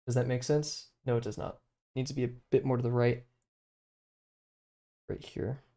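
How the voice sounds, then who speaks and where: A young man with a gravelly, dark, mid-range voice chats while drawing on a live stream, his tone steady and his pace moderate. He rambles, leans on fillers and mutters to himself over the sketch.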